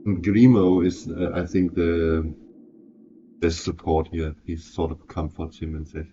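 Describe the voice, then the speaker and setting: Slow, deep-voiced man narrating a solo game. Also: flat delivery, warm tone, lo-fi sound, a little hiss or hum. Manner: thinking aloud, hesitant, self-correcting.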